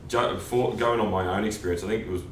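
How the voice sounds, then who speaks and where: A man hosting a casual podcast conversation, rambling and halting, with casual swearing. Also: on the low side, steady tone, slight background noise. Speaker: podcast host. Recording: roomy and distant from the mic.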